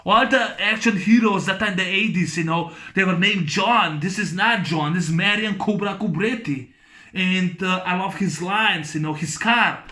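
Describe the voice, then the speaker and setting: Excitable man rambling about a movie. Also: sits high, moderate pace. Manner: rambling, excited, many restarts and fillers. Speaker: YouTube film reviewer. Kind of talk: casual movie discussion.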